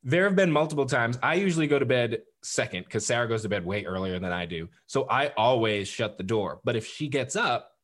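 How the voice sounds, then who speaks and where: A man's voice: mid-range voice, animated, fairly quick, hardly any pauses, a bit bright. A man co-hosts a podcast in a mid-range voice. He chats in a loose, joking way and pokes fun at himself. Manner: joking, self-deprecating, laughs often. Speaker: podcast co-host. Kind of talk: casual chat.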